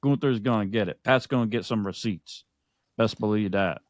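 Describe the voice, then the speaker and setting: A man's voice: on the low side, moderate pace, dry recording, clean studio sound. A man co-hosting a casual wrestling podcast, talking in an easygoing way that is full of fillers and repeated phrases. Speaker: podcast co-host. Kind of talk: casual wrestling prediction chat.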